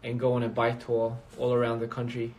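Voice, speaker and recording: A man's voice: medium pitch, monotone, brisk, darkish tone. A man chatting casually on a phone livestream, rambling and reading out viewer comments. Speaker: livestream host.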